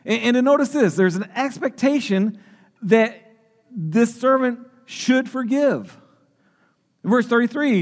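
A man's voice: very high-pitched, animated, normal speed. A man preaching a sermon as pastor, often repeating and restarting words as he explains a passage. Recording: long hall reverb.

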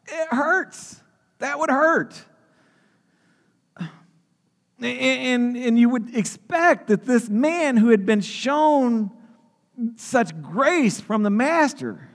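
Casting: male pastor, high voice, preaching a sermon with repeats and restarts, long echo of a big church hall.

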